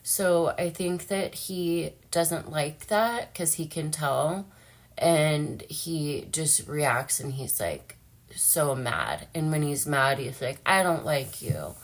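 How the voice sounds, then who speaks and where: Young woman, low voice, chatty, emotional, casual vlog talk. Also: slow pace. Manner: chatty and emotional, lots of fillers. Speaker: vlogger.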